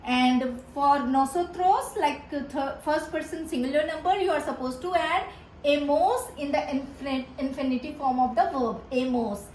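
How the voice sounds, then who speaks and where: Woman tutor, native Hindi speaker, high voice, echoey room with faint hiss, repeats words over and over. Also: normal speed, darkish tone. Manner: repeats each word several times, many fillers and restarts. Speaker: Spanish tutor. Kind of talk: slow, repetitive grammar lesson.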